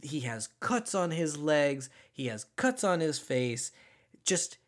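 A man, a former social worker, telling a personal story casually, animated and emphatic, often restarting sentences. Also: a little high, slow pace.

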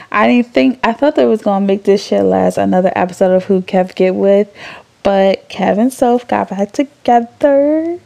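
Young adult woman podcast host; warm, raspy-fried voice, rambling and emotional. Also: medium pitch. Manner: candid and emotional, swears freely, rambling with fillers. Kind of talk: casual chat.

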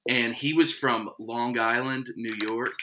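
A man in casual chat with friends, telling a story with lively swings and quiet asides. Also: measured pace, a little hiss or hum, low-quality recording. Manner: animated storyteller, drops low for asides.

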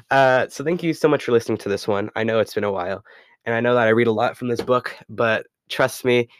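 A man hosts his own podcast in a loose, rambling way, often stopping to correct himself and chuckle. His voice sits fairly low, and the recording is dry and close with no room sound. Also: fairly bright tone, dry recording. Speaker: podcast host. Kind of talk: casual podcast talk.

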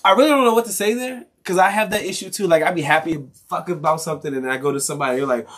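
This podcast host talks rapid-fire on the high side, with few pauses and a fairly bright tone. A young Marylander going solo, he rants casually, swearing a lot, restarting sentences and laughing often.

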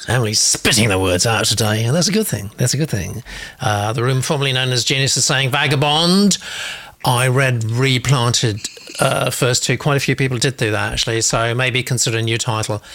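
A man's voice: mid-range voice, brisk, fairly bright tone, slight background noise. Chatty man hosting. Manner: chatty, reads out comments with asides. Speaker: host. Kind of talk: live-stream feedback reading.

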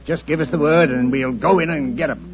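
An actor playing an eager, deferential police inspector in 1940s radio acting style. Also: male voice, on the high side, steady tone, fairly quick, close to an everyday voice, rough recording.

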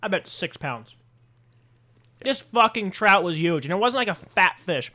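Crude, animated young man. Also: high voice, unhurried. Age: young adult. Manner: crude, joking, swears a lot. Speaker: podcast co-host. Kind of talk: casual chat.

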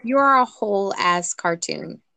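A woman's voice: medium pitch, expressive, a little slow, bright, forceful tone, no room sound. A woman hosting a casual chat, mostly giving short reactions and teasing questions.

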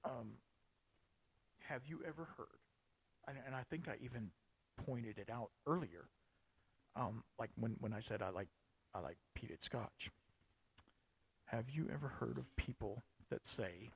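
A man's voice: mid-range voice, a little slow, creaky, pauses often, slightly rough, no echo. A man hosting a podcast, talking casually and rambling, with lots of fillers and restarts. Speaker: podcast host. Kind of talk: casual solo podcast talk.

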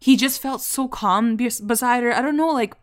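A woman co-hosting a casual recap chat, who chimes in eagerly with agreement and quick quotes from the characters. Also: fairly high pitch, no room sound, studio quality. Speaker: podcast co-host.

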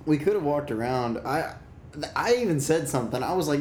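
A man's voice: animated, a little fast, darkish tone. A young man chatting casually. He chimes in with a laid-back, filler-heavy way of talking. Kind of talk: casual chat. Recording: echoey room, faint rumble.

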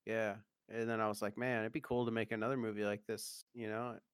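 A man co-hosting a podcast in casual chat, halting with fillers and laughing easily. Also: lowish voice, level tone, smooth, dry recording, studio quality. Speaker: podcast co-host.

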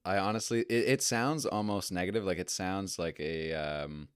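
A man's voice: low-pitched, normal speed, clear, resonant tone, no echo, clean studio sound. A man hosting a podcast interview, asking questions and affirming his guest. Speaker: podcast host.

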